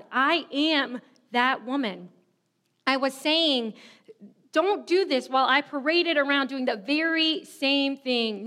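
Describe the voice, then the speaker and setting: A woman in her thirties, a pastor, preaches a sermon built around a candid personal story told with self-deprecation. Her voice is high, pushed and bright.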